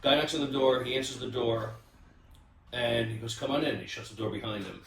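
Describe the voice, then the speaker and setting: A man tells stories in a loose, animated way, stopping to restart and filling gaps with ums. He sits some distance from the mic in a room that echoes. He hosts a casual round-table chat. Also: medium pitch, fairly quick, a little hiss or hum. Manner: animated storyteller with many restarts and fillers. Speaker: podcast host.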